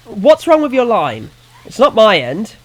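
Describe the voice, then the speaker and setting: A man's voice: fairly high pitch, expressive, moderate pace. A man voicing a young male photographer who talks in a tense, raised, insistent way. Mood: alarmed.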